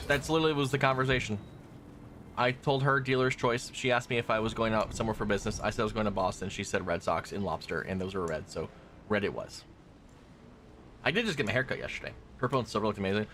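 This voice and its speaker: A young adult man streams a game, chatting loosely and rambling with his viewers as he plays. His voice is medium-pitched, quick, and a bit bright, with a little hiss or hum in the audio.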